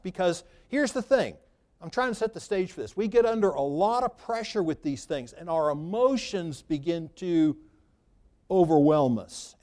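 Conversational preacher, fairly high voice. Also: male voice, a little mellow. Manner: conversational, free-flowing, rises for emphasis. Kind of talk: sermon.

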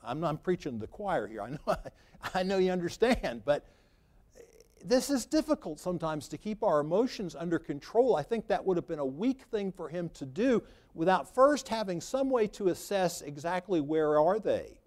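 A man's voice: sits high, big pitch swings, moderate pace, darkish tone. A man preaching a sermon in a conversational, free-flowing way, lifting his voice for emphasis.

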